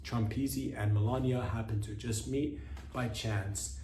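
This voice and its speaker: A man's voice: mid-range voice, steady tone, unhurried, darkish tone, recorded from a distance. A man does a profane, mock-outraged comedy monologue for his podcast, his voice sitting in a middle register. The room is echoey, with a faint hiss of noise behind him. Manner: profane, sarcastic, mock-indignant rants. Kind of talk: crude satirical monologue.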